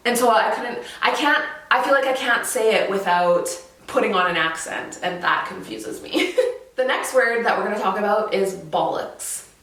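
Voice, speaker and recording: A young Canadian woman with a Canadian accent, chatting to camera in a relaxed vlog style, laughing often and trailing off mid-thought. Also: medium pitch, far from the mic. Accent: Canadian English. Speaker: vlogger. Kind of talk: casual chat to camera. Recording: very echoey room, voice from off-mic.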